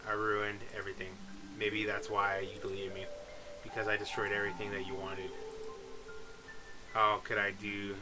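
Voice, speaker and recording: A man's voice: fairly low pitch, completely flat delivery, normal speed, long pauses, music in the background, natural voice, poor audio. A man reading aloud the lines of an obsessive, clingy young woman game character, with little change of voice. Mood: remorseful.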